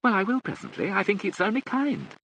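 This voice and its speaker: Cast: man doing an affected, chattering society girl, high and very lively. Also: brisk, creaky, dull audio, slight background noise, full character voice. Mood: flippant. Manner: breezy, affected upper-class chatter. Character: young adult aristocratic woman, flippant and theatrical.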